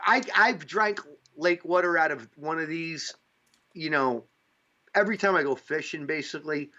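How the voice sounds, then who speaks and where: A man from upstate New York rambles through a casual podcast chat, dropping fillers and the odd swear word. His voice sits a bit high for a man. The recording sounds dull and lo-fi. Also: normal speed, pushed and bright. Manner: rambling, profane, lots of fillers. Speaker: podcast host.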